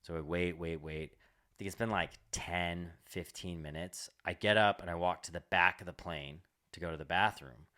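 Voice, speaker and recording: A man's voice: low voice, normal speed, pushed and bright. A young man co-hosting a comedy podcast, telling a long story in casual chat, rambling with lots of "like" and swearing.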